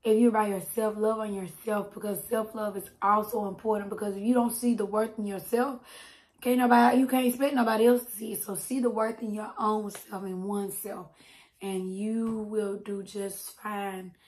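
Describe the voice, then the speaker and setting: A woman from Alabama with a Southern accent, hoarse and deep-voiced, chatting casually to viewers as the host of an eating show. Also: fairly even intonation, normal speed, darkish tone. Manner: chatty and affectionate, says y'all. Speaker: mukbang host.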